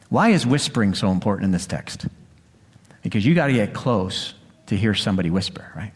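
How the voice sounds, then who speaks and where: A middle-aged man preaching a sermon in a church, acting out the quoted voices and swinging between loud lines and hushed ones. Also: lowish voice, expressive, brisk. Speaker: pastor. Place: church sanctuary.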